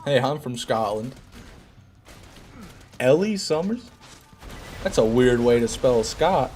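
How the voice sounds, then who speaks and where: A man's voice: mid-range voice, expressive, slow, long pauses, a little mellow, soft background music. A man streaming a game, chatting casually and joking while he answers viewers' chat. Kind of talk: casual gameplay commentary, reading chat.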